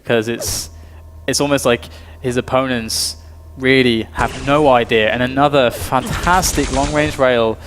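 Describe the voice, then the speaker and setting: A man casting a live online game match, play-by-play, getting excited at big plays. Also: mid-range voice, a little slow, few pauses. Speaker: esports caster. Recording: long reverb and steady noise.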